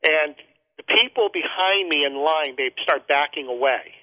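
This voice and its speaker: Over a thin, tinny phone line, a man with a slightly high voice for a male rambles through a long personal travel story as an interview guest. He halts and restarts often, repeating words and filling the gaps with ums.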